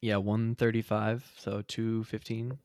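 A man co-hosting a podcast, chatting about movies in a relaxed, wry, teasing way. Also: fairly low pitch, measured pace, no room sound, studio quality. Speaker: podcast co-host. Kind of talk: casual movie review chat.

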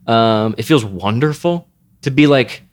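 A man's voice: medium pitch, unhurried. A man co-hosting a podcast, chatting casually in a wry, self-mocking way. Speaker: podcast co-host. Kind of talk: casual chat.

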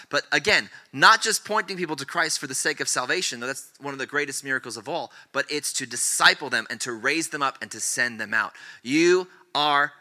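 A man's voice: a little fast, few pauses. A man preaching a sermon as pastor, exhorting the congregation with repeated phrases and rising emphatic passages. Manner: builds to loud, high-pitched emphatic preaching; repetitive, exhortative phrasing with restarts.

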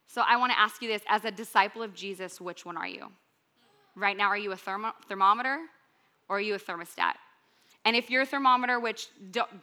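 A young woman preaching to her congregation in a bright, clear voice. She keeps her delivery earnest and conversational, leaning hard on her key points. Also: mid-range voice. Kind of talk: sermon.

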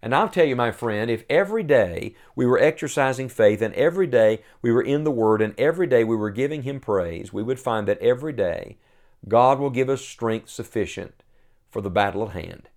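A man's voice: medium pitch, expressive, darkish tone. Earnest male preacher, emphatic sermon. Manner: earnest, emphatic, slows to stress key phrases.

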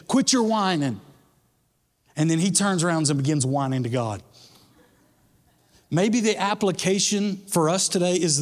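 A pastor preaches in a relaxed, chatty way, dropping slang into his sermon. His voice sits a little higher than most men's. A long reverb hangs on his words, as in a big sanctuary. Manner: casual, conversational preaching with slang. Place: church sanctuary.

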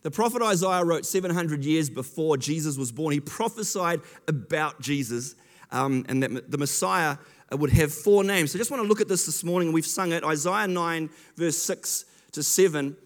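A man's voice: fairly high pitch, moderate pace. A man with a slightly raised voice gives a sermon in an easy, chatty manner. He keeps stopping short and restarting his sentences as he talks to the congregation. His voice carries a long reverb, as if he is speaking in a large hall. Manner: chatty, self-interrupting storyteller. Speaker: pastor.

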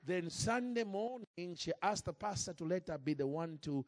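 A man preaching a sermon into a microphone in church, telling a story in a lively, acted-out way. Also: high voice, moderate pace, no echo. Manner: animated, acts out scenes and jokes with the crowd. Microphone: handheld or stand mic.

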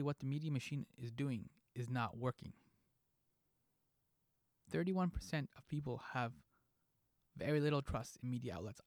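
A man hosting a podcast, delivering a scripted monologue with a playful, joking lilt. His voice sits in an ordinary middle pitch. The sound is close and dead dry, with no room around it. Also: no room sound. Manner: playful, jokey delivery with pop-culture asides. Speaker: podcast host.

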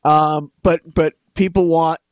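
A man's voice: a little high, level tone, slow, no echo. A man co-hosting a podcast in casual chat, rambling, repeating words and laughing often. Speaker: podcast co-host.

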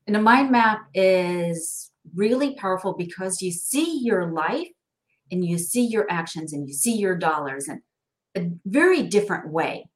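A woman's voice: lowish voice, a little slow. Chatty middle-aged woman, laughs a lot, acts out what people said to her. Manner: expressive, laughs often, acts out quoted dialogue. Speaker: guest, financial planner. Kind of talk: animated conversational interview.

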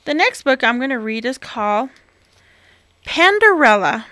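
A woman with a high, bright voice reads a children's picture book aloud, unhurried and expressive. The sound is close and dry, with no room echo. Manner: expressive, animated reading. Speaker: storyteller.

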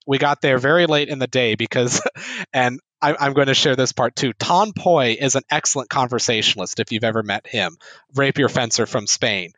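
A man in a casual interview, telling a lively anecdote and acting out bits of dialogue. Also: mid-range voice, normal speed, dry recording, low-quality recording. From United States. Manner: animated anecdote with laughs and quoted dialogue. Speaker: sword instructor and guest.

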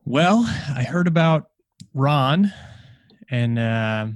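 A man playing a tabletop game, answering in character with a hesitant, halting manner. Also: mid-range voice, expressive, dry recording. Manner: hesitant, with many "um" and "uh". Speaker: player. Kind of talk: improvised role-play as a player.

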